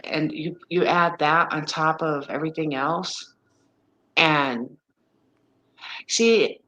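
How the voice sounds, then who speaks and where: A woman's voice: sits low, a bit bright, poor audio. A woman in her fifties in casual chat with a friend, rambling and exasperated, talking wearily about exhaustion, full of restarts. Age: 50s. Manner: weary, complaining of exhaustion.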